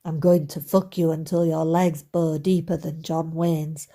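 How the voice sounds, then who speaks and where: A woman voicing a macho romance hero with a Scottish accent, a man's lowered, hammy seductive drawl. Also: level tone, a little slow, dark tone.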